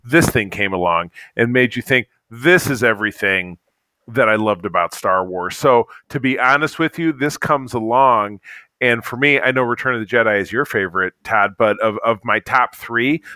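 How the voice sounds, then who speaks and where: A man's voice: medium pitch, expressive, normal speed, bright, forceful tone, no echo. A middle-aged man co-hosting a podcast, chatting casually and enthusiastically, rambling with frequent restarts. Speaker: podcast co-host.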